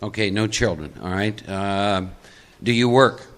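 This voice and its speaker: A middle-aged man from Texas holds forth at a live recovery workshop. His voice is bright and forward, and he coaches people from the audience into roles. He drives his points home by repeating them. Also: fairly low pitch, a little slow. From Texas, USA. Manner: emphatic, repeats key points.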